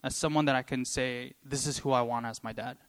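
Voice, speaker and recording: A young man giving a sermon and sharing a personal story, talking earnestly and haltingly with many pauses, choked up with emotion. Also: medium pitch, fairly even intonation, a bit bright. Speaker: preacher.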